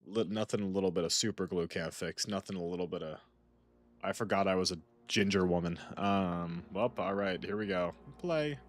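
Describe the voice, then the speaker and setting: A man's voice: low-pitched, steady tone, fairly quick. A young man chatting casually while playing a video game, rambling and cutting himself off, talking to a friend off-mic. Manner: rambling, self-interrupting, talks to a friend off-mic. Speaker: gaming streamer. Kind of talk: casual gaming commentary.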